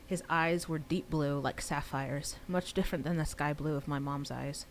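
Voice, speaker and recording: A woman reading her own novel aloud on a livestream, pausing for casual chatty asides. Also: sits low, fairly even intonation, a little hiss or hum.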